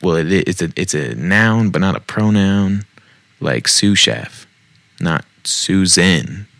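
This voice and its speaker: A man's voice: low-pitched, animated, slow pace, gravelly, a bit bright, no room sound. A man hosting a podcast, casually reading online posts aloud with joking, self-mocking asides. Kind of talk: casual read-aloud storytelling. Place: home basement.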